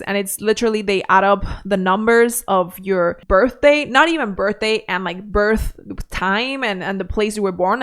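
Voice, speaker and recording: A woman's voice: mid-range voice, fairly bright tone. A woman hosting a commentary video, talking through a clip in a chatty, digressive and mildly skeptical way. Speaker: commentary channel host. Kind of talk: casual reaction commentary.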